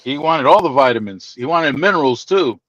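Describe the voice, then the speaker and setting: A man's voice: a little high, lively intonation, fairly quick, fairly bright tone, muffled recording. A man in casual group chat, playfully telling a story and teasing his friends.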